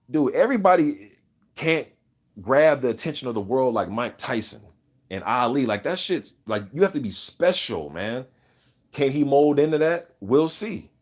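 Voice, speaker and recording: A man hosting a casual boxing talk show, reading viewer comments and giving loose, opinionated takes full of swearing and "you know what I'm saying". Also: lowish voice. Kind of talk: casual unscripted chat.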